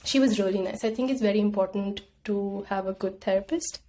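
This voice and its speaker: A woman's voice: mid-range voice, a little fast, warm tone. A young woman guest on a podcast, talking things through in a casual, reflective way and acting out her own inner voice. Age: young adult. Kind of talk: casual conversation.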